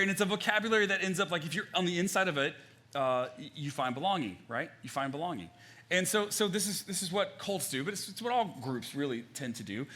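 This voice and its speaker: A man preaches from a church stage in a loose, talky way, stumbling over restarts and acting out little quoted lines. His voice is bright and forceful, sitting slightly high for a man. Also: fast. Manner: conversational and animated, many fillers and restarts, acts out quotes. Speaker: pastor. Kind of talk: sermon.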